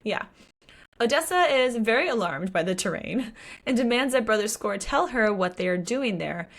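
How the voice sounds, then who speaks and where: A podcast co-host with a fairly high-pitched voice and a moderate pace casually recaps a book. She gives an animated retelling, acting out the characters' lines with swearing and exclamations.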